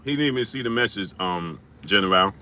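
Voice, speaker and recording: A man with a fairly low voice and a forceful, edgy tone hosts a casual live stream. He rattles off shout-outs to viewers in relaxed slang, his words trailing into mumbles. He chews between lines as he talks. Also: brisk, a little hiss or hum. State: chewing while talking. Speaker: livestream host.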